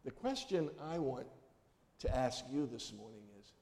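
A man's voice: medium pitch, lively intonation, a little slow, dark tone. A man preaching a conversational sermon, telling homely, humorous stories and putting questions to the congregation. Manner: folksy, humorous storytelling, asks the congregation questions. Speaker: pastor. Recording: long reverb of a large hall.

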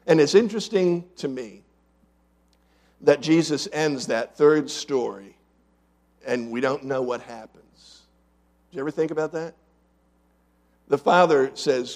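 Speaking a little slowly with long pauses, this mid-range-voiced pastor preaches to his congregation. He asks them rhetorical questions, shifting from forceful, loud statements to hushed asides.

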